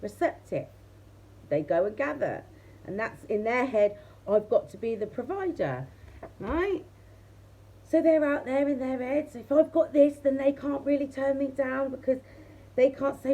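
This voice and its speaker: Chatty woman tarot reader, high voice. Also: measured pace, warm tone. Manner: chatty, laughs often, addresses viewers directly. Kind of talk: casual tarot reading chat.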